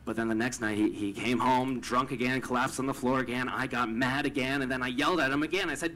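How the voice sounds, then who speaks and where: A young man from Canada telling a personal story, stammering over repeated words and swinging from hushed to loud with emotion. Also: mid-range voice, steady tone, a little fast, few pauses, slight background noise, poor audio.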